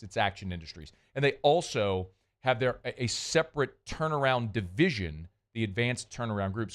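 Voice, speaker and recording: A man hosting a sports radio show, talking loosely and reading sponsor spots. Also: fairly low pitch. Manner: chatty, loose, folksy. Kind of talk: casual sports radio talk and live reads.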